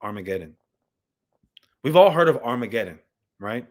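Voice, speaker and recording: Male livestream commentator, mid-range pitch, impassioned, reads texts aloud and addresses viewers directly. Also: big pitch swings, normal speed, long pauses. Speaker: livestream host and Bible commentator. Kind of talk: live news commentary with scripture reading.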